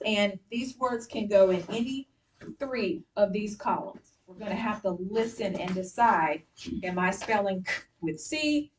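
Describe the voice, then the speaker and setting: A woman teacher runs a spelling lesson, calm and directive, breaking every task into small steps for her class. Her voice sits in a middle register and reaches the mic from across the classroom. A faint background hiss stays under her speech. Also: medium pitch, far from the mic. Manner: patient, directive, step-by-step instructions.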